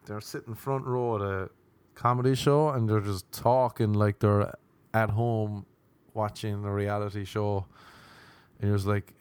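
In a casual podcast monologue, a thirtysomething comedian host rambles wryly and slips into high voices for quotes. His tone is steady, smooth, and a little mellow, at a measured pace with no echo.

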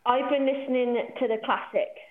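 A woman's voice: high voice, fairly even intonation, moderate pace. Wry woman on a tinny, roomy line. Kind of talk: comedic podcast chat.

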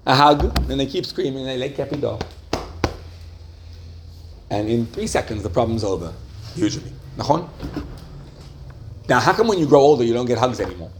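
A man's voice: medium pitch, sing-song, normal speed, long pauses, background noise. A man giving a religious lecture to a live group, often asking them questions and checking that they follow. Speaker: religious teacher.

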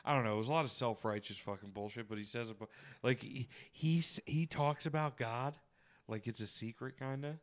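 A young man co-hosting a podcast, chatting casually with lots of swearing and rambling restarts. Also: medium pitch. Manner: rambling, profane, quick to mimic others. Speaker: podcast co-host. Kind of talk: casual profane banter.

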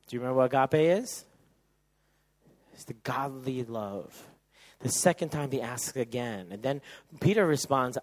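A male pastor preaching a sermon, moving from loud emphatic bursts to soft, hushed passages. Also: medium pitch, lively intonation, a little slow, rough recording.

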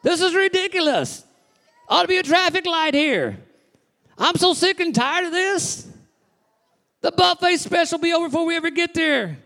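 A man's voice: very high voice, animated, normal speed, long pauses, bright, forceful tone, pitched above the performer's own voice, heavily acted. A man playing an impatient male churchgoer griping while stuck in traffic, in an exasperated, whiny way. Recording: long reverb of a large church hall.

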